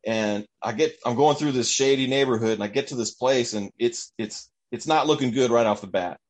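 A man in casual chat, telling an anecdote in an animated way and acting out the voices of people in it. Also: medium pitch, brisk. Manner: animated, acts out voices in his story. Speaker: storyteller.

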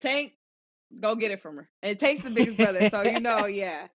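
Animated young woman telling her story. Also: medium pitch, normal speed, crowd noise. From Southern California. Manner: animated, acts out quoted voices, many fillers. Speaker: guest, former pro basketball player. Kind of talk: casual storytelling interview. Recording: dull lo-fi sound.

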